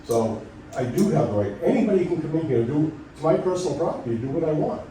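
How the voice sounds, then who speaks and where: A middle-aged man speaking insistently and argumentatively at a public meeting, his voice going hoarse. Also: on the high side, sing-song, fast, mellow, a little hiss or hum. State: losing his voice. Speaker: resident speaking at public comment. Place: town meeting room. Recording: echoey room from far off.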